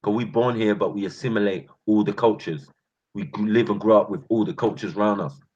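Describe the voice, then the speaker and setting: A man's voice: lowish voice, fairly quick, husky. A man from North London with a London accent, telling street stories in a laughing, slangy way. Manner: laughing, slangy, animated storytelling. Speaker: channel host. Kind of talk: casual storytelling monologue. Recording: dull lo-fi recording.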